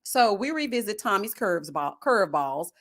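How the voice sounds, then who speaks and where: Her voice is mid-range and her pace normal as this young woman hosts a live, casual reality-show recap for her review channel. Expect sass, animation, and shade tossed out in slang-filled asides.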